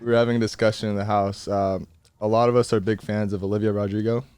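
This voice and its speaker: A young man in college hosting a podcast, chatting casually with energetic, slangy banter inside a truck. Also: lowish voice, fast, smooth, no echo. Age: young adult. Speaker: podcast host. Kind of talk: casual chat.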